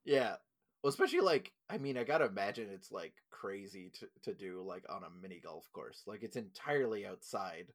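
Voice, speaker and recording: A man talking casually about a film, tossing out quick jokes and asides. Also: lowish voice, big pitch swings. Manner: joking, quick asides, laughing between points.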